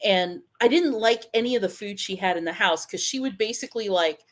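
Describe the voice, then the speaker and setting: A middle-aged woman from the United States chatting casually, lively and quick to laugh while she browses a menu. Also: mid-range voice. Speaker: host. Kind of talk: casual chat.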